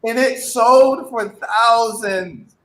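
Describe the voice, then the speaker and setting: A man's voice: very high-pitched, extremely slow, a bit bright. A man on a podcast, laid-back and drawling, often adding "man" as he jokes. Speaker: podcast guest. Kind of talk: casual comedic chat. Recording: echoey room.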